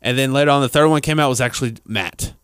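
A man's voice: medium pitch, quick pace, fairly bright tone, clean tone, dry recording, clean studio sound. A man co-hosting a casual podcast, rambling and laughing as he retells scenes. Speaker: podcast co-host. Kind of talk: casual chat.

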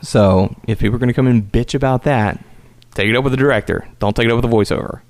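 A man with a gravelly edge to his voice chats about wrestling in an easy, animated way, mixing in profanity and acting out the lines he quotes. The sound is close and dry. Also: mid-range voice, fast, no echo. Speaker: podcast co-host. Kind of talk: casual wrestling chat.

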